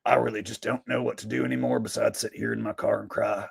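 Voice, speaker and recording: A man doing a gravelly whining mock talk host. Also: on the low side, flat delivery, fast, no room sound, clean studio sound, pitched below the performer's own voice, full character voice. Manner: exaggerated sarcastic whining. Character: mocking parody of a ranting male talk host.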